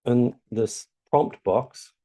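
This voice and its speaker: A man with a New Zealand accent talks through a tutorial in a loose, chatty way. His voice is mellow and gravelly, with a mid-range pitch. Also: very slow. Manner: chatty, loose, many ums. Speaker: tutorial host. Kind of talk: casual screen-share tutorial.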